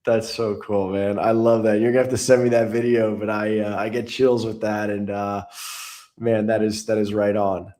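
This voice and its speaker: Male interview guest, reflective, thoughtful, lowish voice. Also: level tone, normal speed, dark tone. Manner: thoughtful, searching, with restarts. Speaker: guest speaker.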